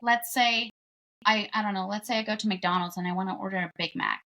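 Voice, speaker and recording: A woman's voice: mid-range voice, fairly even intonation, quick pace, pushed and bright. A young woman talking casually as a podcast guest, chatty and full of "like" fillers. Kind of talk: casual chat.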